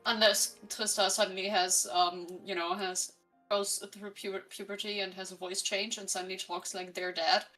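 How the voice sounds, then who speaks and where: Bright giggly female streamer. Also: mid-range voice, flat delivery, moderate pace, soft background music. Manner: giggly, bubbly. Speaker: streamer and co-host. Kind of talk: casual stream chat.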